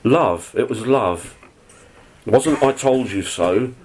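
A man's voice: mid-range voice, expressive, slow pace, a little mellow, slight background noise, poor audio. A man preaching a sermon, reading scripture aloud and then explaining it in an earnest, conversational way. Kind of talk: sermon, Bible teaching.

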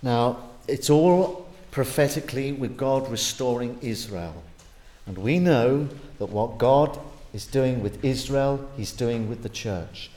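A man preaching a sermon and reading scripture aloud. He speaks emphatically, swinging from loud, urgent stress down to low, quiet line endings. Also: slow.

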